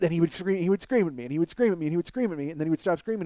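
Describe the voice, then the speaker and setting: A man hosting a comedy podcast, riffing through a profane, animated monologue. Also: high-pitched, racing, hardly any pauses, dry recording.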